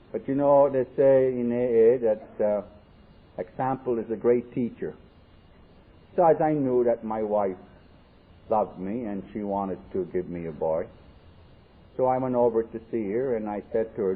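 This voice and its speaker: A man's voice: mid-range voice, moderate pace. Man telling jokes on an old tape. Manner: folksy, joking storyteller acting out dialogue. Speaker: AA convention speaker. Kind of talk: storytelling recovery talk. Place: convention hall. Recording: tinny lo-fi 1979 tape, faint hiss.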